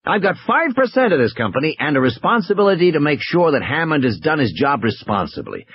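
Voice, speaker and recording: A man's voice: medium pitch, big pitch swings, moderate pace, slightly rough, no room sound, dull audio, voice pushed up. A man voicing an angry, blustering male lawyer who snaps his lines. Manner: irritated, curt.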